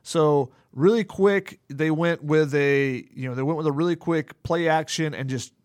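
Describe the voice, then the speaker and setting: A man's voice: on the high side, moderate pace, a little mellow, clean tone, no echo, studio quality. A man with a Southern American accent, co-hosting a casual sports podcast and breaking down the players with lots of "you know" fillers.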